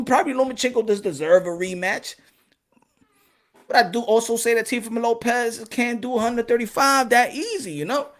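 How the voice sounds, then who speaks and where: A young man rants about boxing in a loose, profane monologue, laughing and acting out voices as he goes. His voice sits high for a man. It has a bright, forceful edge. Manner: animated, profane, laughs often, acts out quotes. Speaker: boxing commentator. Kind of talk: casual monologue.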